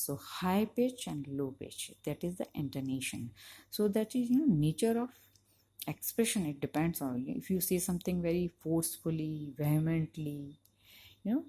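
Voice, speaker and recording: A woman lectures university students in a low, mellow, somewhat husky voice. She explains point by point in a conversational way, scattering "you know" through her sentences, and she stresses the points that matter most. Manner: explanatory, emphatic on key points. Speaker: teacher.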